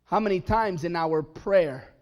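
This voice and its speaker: Male pastor, high voice, slow dramatic sermon delivery, moving from whispers to shouts. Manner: swings from hushed near-whisper to loud shouting; preaching with long dramatic pauses. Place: church service.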